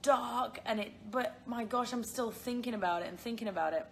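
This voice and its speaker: A woman's voice: a little high, fairly quick, slight background noise. A young woman with a British accent, chatting casually on a live stream from her phone, rambling with lots of fillers and giggles. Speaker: live-stream host answering viewer questions.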